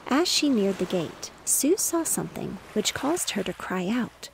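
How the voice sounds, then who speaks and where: A woman narrating a bedtime story in a gentle, steady reading voice. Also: medium pitch, unhurried, creaky, a little hiss or hum. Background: faint waves.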